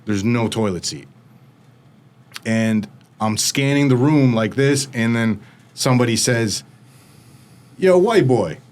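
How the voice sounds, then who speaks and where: A man's voice: mid-range voice, measured pace, long pauses, a little mellow. Man telling a gripping story. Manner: vivid storytelling with frequent "like" fillers. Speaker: podcast guest. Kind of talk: recounting a personal story.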